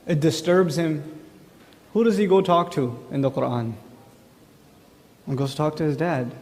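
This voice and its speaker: A man's voice: fairly high pitch, a little slow, pauses often, a little mellow, in a large hall. A man giving a religious talk on parenting, chatty, asking the audience questions. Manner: conversational, with rhetorical questions to the audience. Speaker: speaker on parenting.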